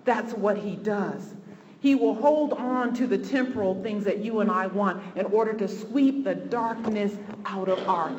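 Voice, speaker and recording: A woman's voice: a little high, highs cut off, a little hiss or hum. Impassioned woman preaching in a hall. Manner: impassioned, swinging between hushed and rising. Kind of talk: sermon. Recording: reverberant hall, faint ambience.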